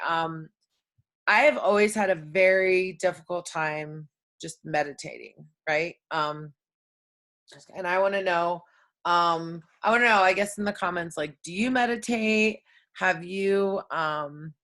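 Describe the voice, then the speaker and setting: A woman's voice: mid-range voice, fairly bright tone. A woman in her thirties talking casually to her viewers, chatty and open, with lots of fillers and tag questions. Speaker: host. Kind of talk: casual talk to camera.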